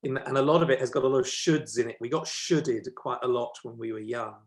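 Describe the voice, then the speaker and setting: A man's voice: medium pitch, a little fast. A man giving a conversational workshop talk, often correcting himself and checking in with his listeners. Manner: chatty, checks in with listeners with "okay?"; self-correcting, with frequent ums. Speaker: workshop presenter.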